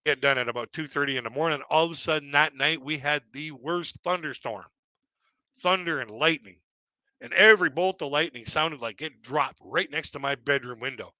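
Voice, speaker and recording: Bright and forceful, a slightly high-voiced Canadian man does stand-up storytelling on a live stream at normal speed, with no room sound. He rambles through self-deprecating tales, laughing at his own jokes.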